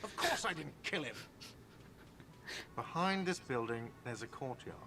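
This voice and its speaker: An actor playing a defensive, whiny cafeteria manager in a video game. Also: male voice, medium pitch, sing-song, unhurried, noisy background. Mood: snippy. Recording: game audio with music behind.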